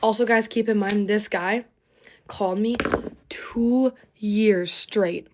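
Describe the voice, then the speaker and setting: A young woman talks to her phone camera while getting ready. She rambles and swears as she tells her story, full of fillers, clearly shaken. Her voice sits at an ordinary pitch for a woman. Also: fairly even intonation, takes it slowly, background noise. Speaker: TikTok storyteller.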